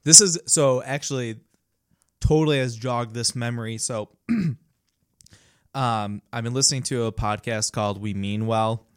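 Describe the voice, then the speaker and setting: A man's voice: mid-range voice, steady tone, normal speed, smooth, no room sound, clean studio sound. A man co-hosting a podcast in casual chat, talking hesitantly with many fillers and restarts. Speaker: podcast co-host.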